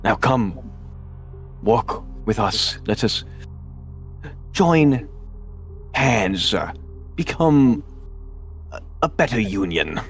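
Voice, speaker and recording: Brief: a man playing a bluffing soldier leader, grand and rousing, animated delivery. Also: on the low side, extremely slow, pauses often, soft background music, pitched below the performer's own voice, heavily acted. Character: smooth-talking male soldier leader making speeches.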